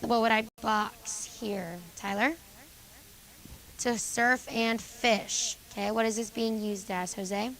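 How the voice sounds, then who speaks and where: A woman teacher going over grammar exercises with a junior high class, calling on students by name and confirming their answers. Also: fairly even intonation, takes it slowly, fairly bright tone, a little hiss or hum, low-quality recording. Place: school classroom.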